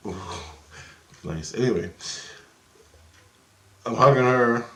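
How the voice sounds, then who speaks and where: A man's voice: on the low side, moderate pace, roomy sound. A man telling a rambling first-person story with lots of swearing, agitated and jumping into the voices of people in his tale. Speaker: vlogger recounting astral travel.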